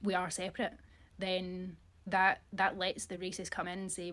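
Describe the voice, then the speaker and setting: A woman's voice: on the low side, fairly even intonation, fairly quick, fairly bright tone. A woman talking to camera, reflective, asking her viewers questions. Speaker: video creator.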